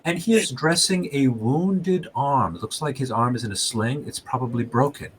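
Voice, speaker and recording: A man's voice: medium pitch, moderate pace, a little hiss or hum. A man running a tabletop game as game master, describing scenes and explaining rules.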